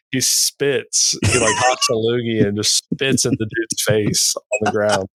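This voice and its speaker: A man's voice: mid-range voice, animated, slow, fairly bright tone, dry recording. A man cohosting a podcast, telling a rambling story in a laid-back, casual way and laughing at his own tales.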